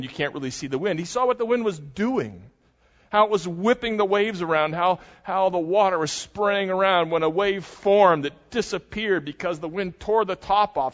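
Older male pastor preaching in a reverberant church. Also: on the high side. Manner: animated storytelling, dramatizing the scene. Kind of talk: sermon. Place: church sanctuary. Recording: muffled, long hall reverb.

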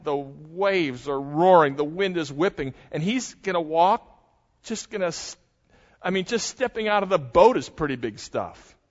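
An older male pastor preaches, retelling a story with animated, dramatic energy. His voice sits a little high for a man. The sound is muffled and rings with a long church reverb. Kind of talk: sermon. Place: church sanctuary.

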